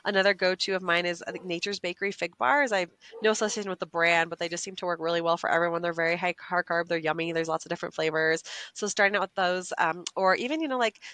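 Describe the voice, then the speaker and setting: A woman speaking as a guest nutrition coach on a podcast, in a quick, chatty way, peppering her talk with "like" and "right?". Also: fairly low pitch, steady tone, a bit bright, dry recording. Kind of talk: casual podcast chat.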